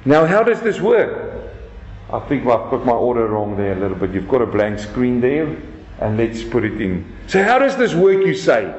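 A man's voice: medium pitch, big pitch swings, moderate pace, a little mellow. A man preaching a sermon, reading scripture and asking the listeners rhetorical questions. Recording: echoey room, dull sound.

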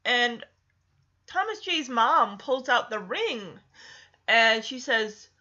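A woman chats her way through a movie recap, easily moved by the story. Her voice is high and swings widely in pitch. The audio sounds dull and lo-fi. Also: big pitch swings, slow pace, sharp tone. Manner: emotional, chatty storytelling.

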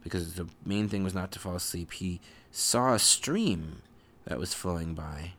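A father spins a bedtime story in a deep, gravelly voice. He meanders and restarts, and slows down for the dramatic parts. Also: animated, fairly bright tone.

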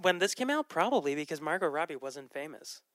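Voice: medium pitch, very animated, a little fast, a bit bright, no echo. A podcast host in a casual movie chat, talking loosely with ums and frequent laughs. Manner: chatty, laughs often, trails off with ums.

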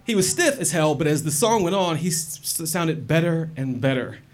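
A man telling a personal story in a wry, animated and profane way. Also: fairly high pitch, normal speed. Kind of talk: personal story told to an audience.

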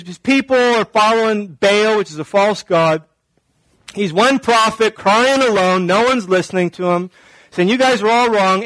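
A male pastor giving a sermon, telling the story in an animated, joking way. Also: high voice, no echo, low-quality recording.

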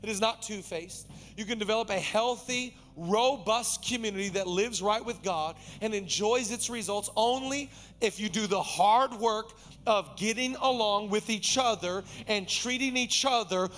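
Pastor guy preaching, high bright voice, goes from yelling praise to real quiet, soft music under it. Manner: swings between shouted high-energy praise and hushed intimate preaching. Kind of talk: sermon. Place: large church auditorium.

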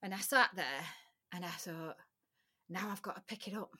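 A woman's voice: fairly low pitch, normal speed, pushed and bright, slightly rough. A middle-aged woman, a podcast guest, recounting a personal story candidly and emotionally, with frequent restarts and occasional swearing.

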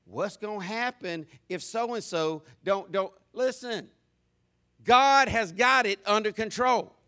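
High, bright preacher man. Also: takes it slowly. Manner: folksy and humorous, with many stammered restarts. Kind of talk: sermon.

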